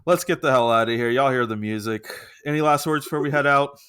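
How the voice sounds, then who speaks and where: A man co-hosting a casual podcast, telling an animated story full of swearing and laughter. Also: mid-range voice, fast, clear, resonant tone. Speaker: podcast co-host. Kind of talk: casual chat.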